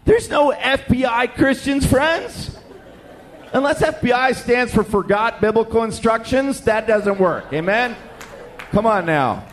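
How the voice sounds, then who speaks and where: A young man preaching a sermon, telling stories with lively acted-out voices. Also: very high voice, moderate pace, slight background noise. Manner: animated storytelling, acts out voices. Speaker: pastor.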